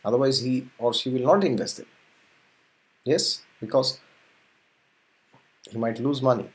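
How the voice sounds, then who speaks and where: A man's voice: medium pitch, unhurried. A man teaching a spiritual lesson by retelling a scripture story, chuckling often as he goes. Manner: chuckles often, animated retelling with acted quotes.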